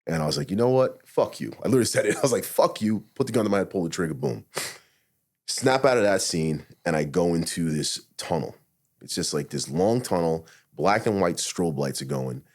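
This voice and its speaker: A middle-aged man tells a personal story on a podcast in a very low, husky voice. He talks fast and swears often, and he acts out his own thoughts as quoted lines. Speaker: podcast guest, retired SWAT officer. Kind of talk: candid storytelling in a podcast interview.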